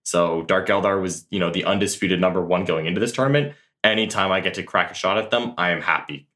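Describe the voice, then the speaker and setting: Deep-voiced man answering interview questions. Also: fast talker, bright, forceful tone. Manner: thoughtful, earnest, with many fillers and restarts. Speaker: guest tabletop tournament player. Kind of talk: casual podcast interview answers.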